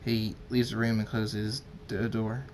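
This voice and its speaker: A man's voice: on the low side, flat delivery, measured pace, darkish tone, slight background noise. A man reading a fan story aloud in a plain, amateur way, with small slips and restarts. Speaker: fan fiction reader.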